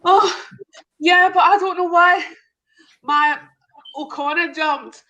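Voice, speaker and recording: A woman's voice: very high-pitched, slow, sharp tone, pitched above the performer's own voice, heavily acted, rough recording. A woman doing a puzzled Irish widow. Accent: Irish, put on.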